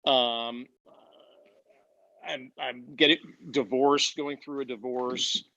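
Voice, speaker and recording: A man's voice: medium pitch, steady tone, slow pace, pushed and bright. A man as an interview guest, telling his story casually, with many fillers and restarts. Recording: dull lo-fi dry sound.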